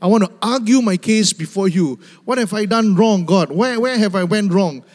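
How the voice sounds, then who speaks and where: Preacher doing Job, frustrated righteous man pleading his case, high voice, echoing hall. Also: normal speed, natural voice. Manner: pleading, questioning. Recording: long hall reverb.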